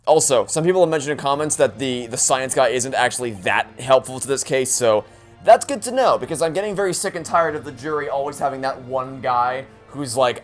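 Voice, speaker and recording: Male gamer, let's play commentary, sarcastic, animated, very expressive pitch, faint music. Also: brisk. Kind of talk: gameplay commentary.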